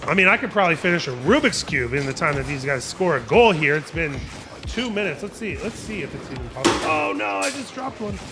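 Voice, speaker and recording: Young man, esports caster, playful play-by-play, lively pitch, slightly high voice. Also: brisk, heavy background noise. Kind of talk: live game commentary. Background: music.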